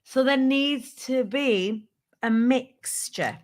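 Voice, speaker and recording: A woman's voice: high voice, slow, slight background noise. A woman hosting a business tips show, giving a casual motivational talk to her viewers in a candid, playful way with some swearing.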